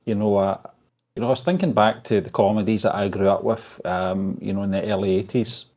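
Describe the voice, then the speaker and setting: A man's voice: lowish voice, a little fast, darkish tone. A man co-hosting a casual chat stream, agreeable and hesitant, with many fillers. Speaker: co-host.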